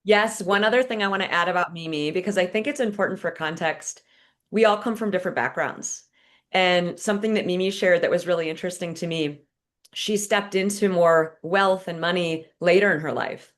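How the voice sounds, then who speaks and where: A woman's voice: fairly low pitch, fairly quick. A woman author opening and hosting a virtual fireside chat over a video call, chatty and enthusiastic. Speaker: author and host.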